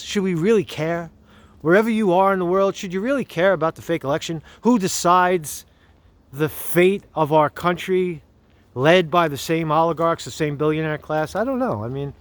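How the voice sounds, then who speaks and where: A middle-aged man talks to his camera as he walks through the woods, rambling and profane. He repeats himself, mocks as he goes and keeps checking in with "right?". His voice sits a little higher than most men's. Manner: profane, repetitive, mocking, says "right?" often. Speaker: vlogger. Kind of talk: rambling political rant vlog. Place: outdoors walking in the woods.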